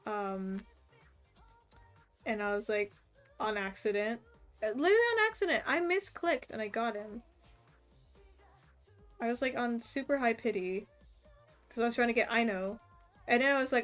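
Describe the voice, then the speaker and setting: A woman's voice: fairly high pitch, expressive, moderate pace, pauses often, a bit bright. A young woman streaming casually while she draws, rambling along with lots of "like" and little laughs. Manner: rambling and chatty with frequent "like" and laughs. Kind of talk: casual chat while drawing. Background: faint background music.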